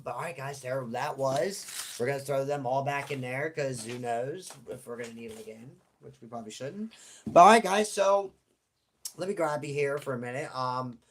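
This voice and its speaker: A man hosting a casual vlog, chatty and rambling with many fillers and offhand swearing. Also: mid-range voice. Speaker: host. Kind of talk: casual tabletop wrestling draw vlog.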